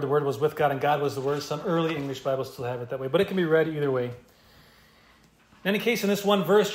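A man's voice: on the high side, roomy sound. A male pastor preaching an expository sermon, emphatic and repeating key phrases for stress. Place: church.

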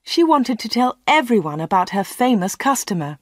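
A woman reading a storybook aloud at a slow, clear pace meant for learners. Her pitch rises and falls a lot, and the sound is close and dry with no room echo. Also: sing-song. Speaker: audiobook reader. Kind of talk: scripted storybook narration.

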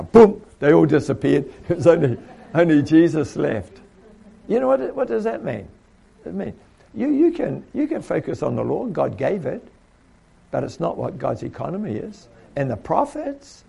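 Man, preacher, lively pitch, gravelly, conversational sermon. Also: normal speed. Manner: conversational and animated, with repeats and acted quotes.

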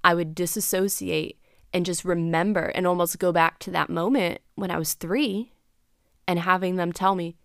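Recorded in a clean studio with no room sound, a young woman podcast host speaks in a smooth, fairly low voice, keeping a steady tone at a moderate pace. Her candid personal story rambles along with plenty of fillers and dialogue she acts out.

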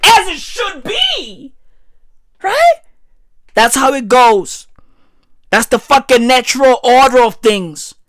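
A woman, delivering a profane comic rant full of "bruv" and "right?", her voice swinging high and low. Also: big pitch swings, slow, long pauses, a bit bright, no echo, clean studio sound. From South Africa.

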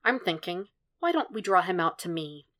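A woman voicing a weary, calm and stubborn male profiler who speaks in a low, dry, level way. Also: normal speed.

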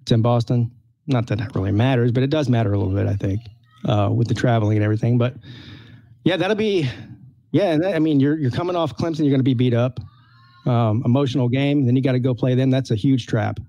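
A man talking sports in a relaxed back-and-forth, hesitant and full of fillers. His voice sits at an ordinary middle pitch, and the sound is dry and close with no room around it. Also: fast, no room sound. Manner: hesitant, lots of fillers and restarts. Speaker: sports podcast co-host. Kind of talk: casual sports chat.

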